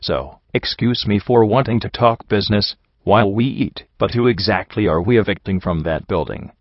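A man's voice: on the low side, moderate pace, no room sound, highs cut off. A man reading the lines of a blunt, businesslike male pony companion.

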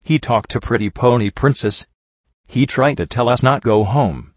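A man's voice: medium pitch, normal speed, no echo, dull audio, close to an everyday voice. A man voicing a bitter old male dog chieftain with augmented limbs, growling and grumbling in broken grammar for an audiobook story.

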